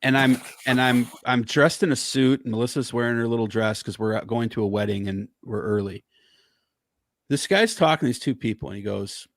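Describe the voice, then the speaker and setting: Man guest, mid pitch, dry sound, fired-up storyteller swearing freely. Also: a little fast, dry recording. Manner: heated, profane storytelling. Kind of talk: casual chat.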